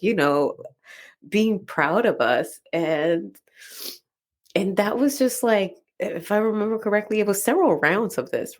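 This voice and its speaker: A woman with a Dominican accent, hosting a podcast and telling a personal story in a chatty way, full of "like" and "right?". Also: lowish voice. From Dominican Republic. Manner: chatty, frequent "like" and "right?" tags. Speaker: podcast host.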